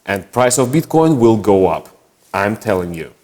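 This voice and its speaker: A man signing off a news show in an upbeat, unhurried way. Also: lowish voice, sing-song, darkish tone. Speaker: show host. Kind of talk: scripted sign-off.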